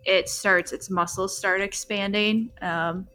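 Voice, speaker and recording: A woman narrating a tabletop role-playing game as game master, relaxed with frequent filler pauses. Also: mid-range voice, slight background noise. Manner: relaxed, many ums.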